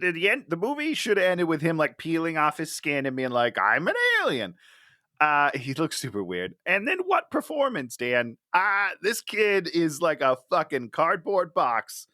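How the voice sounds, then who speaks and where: A man co-hosting a casual podcast, chatting in a sarcastic, animated way and swearing freely. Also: a little high, normal speed, no room sound, clean studio sound. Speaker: podcast co-host. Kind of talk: casual chat.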